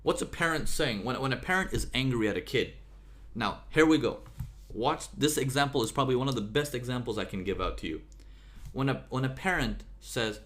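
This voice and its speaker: A man giving a motivational talk, energetic, with sudden jumps in volume and frequent "okay?" checks. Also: mid-range voice, brisk. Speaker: motivational speaker.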